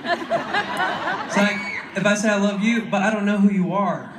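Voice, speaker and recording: High-voiced man, rambling stage chat, laughing as he goes, echoey far-off live sound. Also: fast, a loud crowd, heavy background noise. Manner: laughing, self-interrupting. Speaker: singer introducing his song. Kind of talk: rambling onstage talk. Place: live concert venue. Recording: echoey live venue from a distance.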